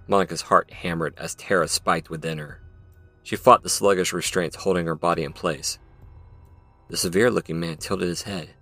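A man's voice: deep voice, steady tone, moderate pace, pushed and bright, faint music behind. A man narrating his own audio drama in a dramatic storytelling manner. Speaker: narrator and author.

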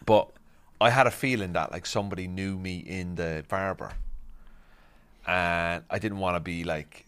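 A man's voice: low-pitched, steady tone, moderate pace, fairly bright tone, clean tone. A man with a Cork Irish accent, chatting casually as a podcast guest, rambling and laughing often. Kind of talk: casual chat.

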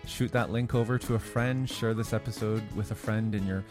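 A man's voice: on the low side, fairly even intonation, a little fast, over music. A man co-hosting a podcast, speaking in an earnest, reassuring way with faith-based encouragement. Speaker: podcast co-host. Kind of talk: casual podcast chat with encouragement.

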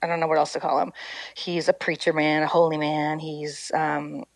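Woman, low-ish voice, animated casual storyteller, dry close mic. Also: moderate pace, vocal fry, no echo, rough recording. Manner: lively, acts out quotes in a higher voice. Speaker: storyteller guest.

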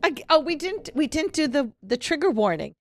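A woman's voice: high-pitched, very animated, normal speed, no echo. Late-fifties woman co-host, slap-happy, sing-song voice, dead dry room. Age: 50s. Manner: giggly, tired and slap-happy. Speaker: podcast co-host. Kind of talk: casual chat. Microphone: studio mic.

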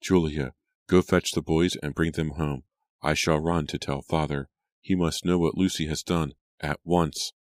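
A man reading an audiobook, voicing a gentle, earnest young woman in a soft voice close to his own. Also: rumbling low, fairly even intonation, measured pace, no room sound. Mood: distressed. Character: gentle young woman, dog-loving sister.

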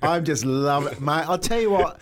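A man's voice: fairly high pitch, lively intonation, normal speed. A New man co-hosting a sports radio show, gleeful and laughing as he banters. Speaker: radio co-host.

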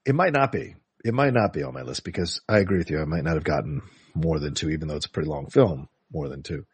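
A man co-hosting a casual podcast chat, animated and quick to laugh. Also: rumbling low, husky, no echo. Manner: animated, laughs often, slips into quoting. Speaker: podcast co-host ranking film quotes.

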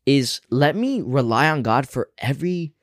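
A man's voice: medium pitch, big pitch swings, normal speed, no room sound, studio quality. A man co-hosting a casual Bible discussion podcast, speaking earnestly and reflectively as he draws lessons about faith. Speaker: podcast co-host.

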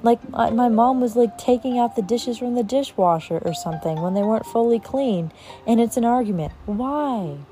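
A woman's voice: on the high side, fairly quick, mellow, soft background music. A young woman telling a personal story in a casual monologue, with lots of "like" and frequent swearing. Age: young adult. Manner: casual, heavy use of "like", swears freely, quotes others in acted voices. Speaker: podcast host.

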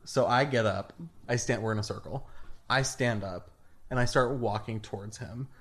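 A young man co-hosting a comedy podcast, telling a story in a casual, animated way and laughing through it. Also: mid-range voice, moderate pace. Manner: animated, laughs through his stories, acts out quotes. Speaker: podcast co-host.

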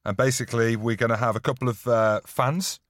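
A man's voice: medium pitch, fairly even intonation, brisk, fairly bright tone, dry recording, studio quality. A man co-hosting a casual podcast, bantering with guests and stumbling through an ad read. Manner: matey, banter-filled, stumbling reads. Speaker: podcast co-host.

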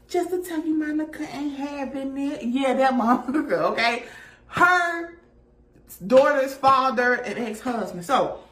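A woman hosting a casual gossip chat, animated and sassy, often laughing as she talks to her viewers. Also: high-pitched, a little slow. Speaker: gossip show host. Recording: echoey room.

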